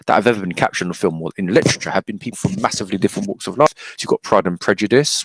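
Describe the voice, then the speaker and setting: A low-pitched man talks quickly, laying out his argument point by point as a podcast guest. His manner is opinionated and brisk. The sound is dry, with no room echo. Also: gravelly.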